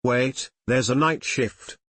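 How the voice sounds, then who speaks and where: A man's voice: mid-range voice, fairly even intonation, slow pace, fairly bright tone, no room sound. A man reading as a teasing teenage girl. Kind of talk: audiobook reading of fan fiction.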